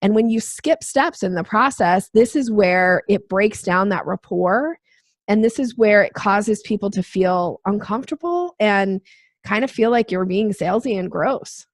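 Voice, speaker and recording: Animated woman guest, dry close sound. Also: mid-range voice, unhurried, no room sound. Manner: animated, acts out quoted voices. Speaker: sales trainer and author. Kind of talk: interview guest explaining with examples.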